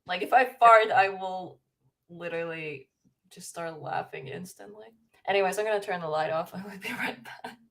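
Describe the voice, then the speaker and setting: A woman's voice: lowish voice, moderate pace, creaky, fairly bright tone. Giggly young woman chatting on a livestream. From Finland. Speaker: streamer host. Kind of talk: casual livestream chat.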